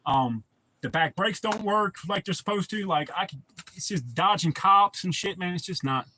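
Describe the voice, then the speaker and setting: A laid-back man, chatting loosely on a livestream. He rambles and swears easily, and his voice sits a little higher than most men's. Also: lively intonation, moderate pace, sharp tone, slight background noise. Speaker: livestream host. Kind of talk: casual chat reading viewer comments.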